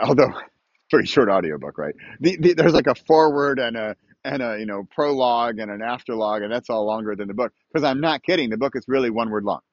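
A man's voice: mid-range voice, dry recording. A man talking casually about his books and courses while out walking his dogs, rambling and self-amused. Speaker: author and online course creator. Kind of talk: casual walk-and-talk vlog. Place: outdoors. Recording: dry, slightly dull lo-fi audio.

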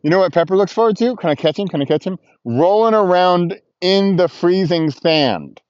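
A man's voice: high-pitched, moderate pace, darkish tone, clean tone, dry recording, highs cut off. A man talking casually to the camera outdoors, chatty and self-mocking, laughing often. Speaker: vlogger. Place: outdoors on a frosty beach with his dog.

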